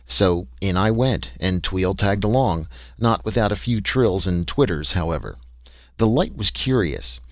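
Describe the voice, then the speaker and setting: A man's voice: sits low, no echo. A man reading a story as a first-person audiobook narration, in a folksy, conversational way with small hesitations.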